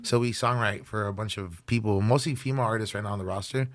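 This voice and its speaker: A man in his thirties from California, a guest musician telling road stories in a relaxed, slangy podcast chat and dropping in Spanish words. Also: lowish voice, fast. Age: 30s. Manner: animated storyteller, slangy, mixes in Spanish words.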